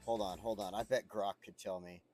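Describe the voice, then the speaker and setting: Playing a city-building game on stream, an American man offers casual, rambling commentary laced with profanity and frequent chuckles. His lowish voice is mellow and steady, a little fast, backed by soft music.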